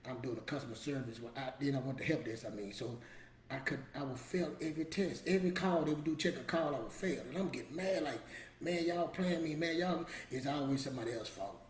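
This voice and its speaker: A man's voice: mid-range voice, fast talker. Emphatic middle-aged man in a roomy space. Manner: emphatic, repetitive, colloquial, preachy. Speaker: motivational show host. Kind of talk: casual motivational talk. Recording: roomy echo with faint ambience.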